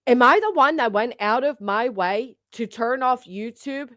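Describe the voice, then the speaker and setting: An indignant woman rants straight into a close mic, her voice sitting a little high and bone-dry with no room sound. She is sarcastic and profane and keeps firing off pointed rhetorical questions. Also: measured pace, fairly bright tone, no echo. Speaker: online commentator. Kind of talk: heated ranting commentary.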